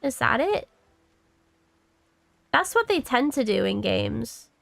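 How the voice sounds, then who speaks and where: A woman in her thirties chatting through a game stream with a high, bright voice, close and dry to the mic. She rambles from thought to thought, talks to herself, and swears freely. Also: sing-song, slow pace, vocal fry, dry recording. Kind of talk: casual gaming commentary.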